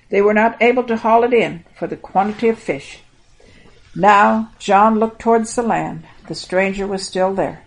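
A woman hosts a children's program and tells a Bible story in an expressive storytelling voice. She talks gently and directly to the young listeners. Her voice sits at a medium pitch. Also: gravelly, poor audio. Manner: gentle, expressive reading with an affectionate sign-off to kids.

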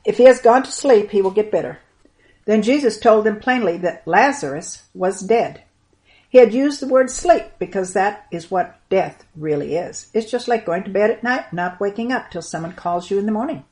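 A woman reading a Bible story aloud to children in an earnest, expressive way. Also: medium pitch, normal speed.

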